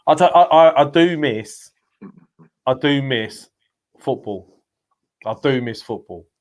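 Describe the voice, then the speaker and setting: A man of middle pitch co-hosting a loose banter stream, quizzing his co-host and taking viewer questions with a teasing edge. He talks in a relaxed, chatty way. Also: takes it slowly, dull audio. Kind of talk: casual live-stream banter.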